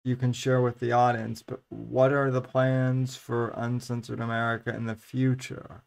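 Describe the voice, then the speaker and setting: A man's voice: medium pitch, little pitch movement, normal speed, vocal fry, a little mellow. A man hosting a podcast, asking questions hesitantly and stumbling over his words. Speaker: podcast host. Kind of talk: casual podcast interview.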